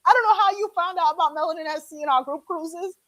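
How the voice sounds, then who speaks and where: A woman's voice: very high voice, fast talker, no room sound. A woman co-hosting a casual live stream from her couch, telling stories with a lot of laughter. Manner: animated storyteller, laughs often, chews while talking. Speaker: co-host. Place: home couch.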